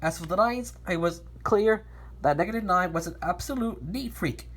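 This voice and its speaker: A woman's voice: fairly low pitch, normal speed, slightly rough. A woman reading a fan storybook aloud, often stumbling and restarting lines. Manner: lively, with frequent restarts and stumbles.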